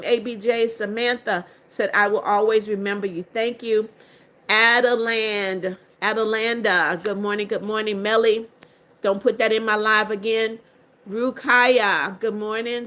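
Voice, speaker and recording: A woman's voice: medium pitch, a bit bright. An older woman with a congested voice, hosting a livestream and answering viewer comments one by one in a chatty, blunt way. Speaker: livestream host. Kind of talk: reading viewer comments aloud.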